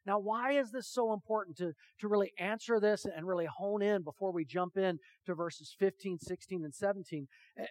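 A man's voice: high-pitched, no echo. A man preaching a sermon to a congregation, earnest and questioning, acting out little dialogues. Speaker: pastor. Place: church hall with audience.

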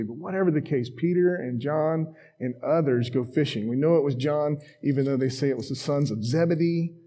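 Man, pastor, conversational sermon, self-deprecating, dark mellow voice, church. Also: mid-range voice, slightly rough. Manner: chatty, self-deprecating, acts out quotes.

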